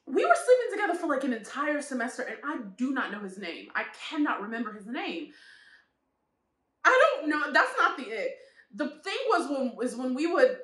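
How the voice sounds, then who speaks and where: A young woman vlogger telling candid stories in a casual, animated way, laughing often. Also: high voice, moderate pace, roomy sound. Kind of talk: casual storytelling vlog.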